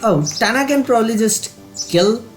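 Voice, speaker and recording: A man hosting a let's play, calmly thinking aloud while he plays a strategy game. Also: very high-pitched, normal speed, echoey room, soft background music. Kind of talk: game commentary.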